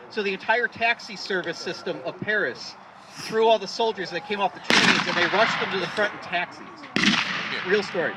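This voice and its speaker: A man giving a rambling outdoor history talk at a re-enactment, with many fillers and restarts. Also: high voice. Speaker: re-enactment presenter. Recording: distant outdoor recording with loud background noise.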